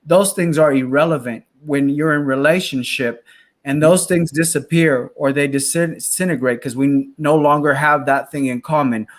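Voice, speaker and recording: A man's voice: a little high, normal speed. A man hosting an interview, reflecting thoughtfully, with frequent restarts and repeated words. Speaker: host. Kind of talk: casual faith interview.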